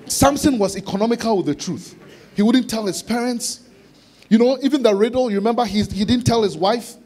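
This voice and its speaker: A man preaching an expository sermon to students, animated, acting out voices with sudden shouted bursts. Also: very high-pitched. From Ghana. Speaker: conference speaker preaching to students.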